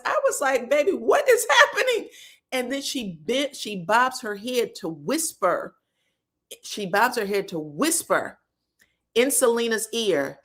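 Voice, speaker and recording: Animated woman recapping reality TV gossip. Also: fairly high pitch. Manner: animated, emphatic storytelling with frequent laughs; acts out cast members' lines in quoted voices. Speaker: reality TV reaction host. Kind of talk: live gossip reaction chat.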